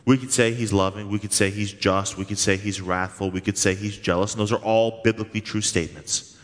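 A man preaching a sermon as pastor, earnest and emphatic, stretching key words slowly. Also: on the low side, steady tone. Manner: emphatic, earnest preaching with slow drawn-out stresses. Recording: long hall reverb.

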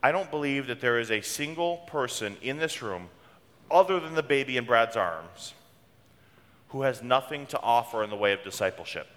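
Pastor guy talking easy to his church, mid pitch, hall echo all around. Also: lively intonation, normal speed, fairly bright tone. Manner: conversational preaching with homely stories. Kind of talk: sermon. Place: church sanctuary. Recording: long reverb of a church hall.

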